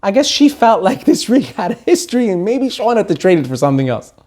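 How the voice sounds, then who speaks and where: A man, a rabbi, telling a story in an animated sermon. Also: high-pitched, fast.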